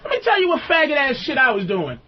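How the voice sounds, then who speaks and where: A man hosting a podcast, telling comedic stories in casual chat, animated and profane, acting out other people's voices in quotes. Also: very high-pitched, quick pace, a little hiss or hum. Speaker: podcast host. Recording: slightly dull lo-fi sound.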